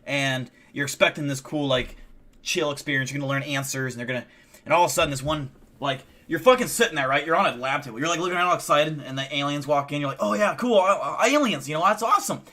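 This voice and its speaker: A man's voice: medium pitch, quick pace. A man co-hosting a stream, telling rambling, profane stories in casual chat. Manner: profane, animated rambling storyteller. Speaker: stream co-host.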